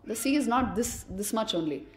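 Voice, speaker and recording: A woman's voice: on the high side, animated, moderate pace, close to an everyday voice. A woman voicing a cheerful male frog from the sea who answers patiently and with amusement. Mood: amused.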